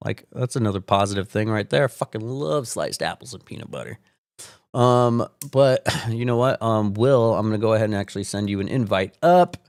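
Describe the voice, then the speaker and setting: A man's voice: mid-range voice, no echo, clean studio sound. A man hosting a live stream, reacting to viewer comments in casual, profane, sarcastic chat with frequent laughter. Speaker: livestream host.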